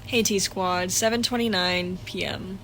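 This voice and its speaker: A woman's voice: lowish voice, steady tone, a little slow, fairly bright tone, slight background noise. A young adult woman talking casually through her day in a rambling, chatty way, swearing now and then. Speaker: vlogger. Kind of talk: casual daily vlog.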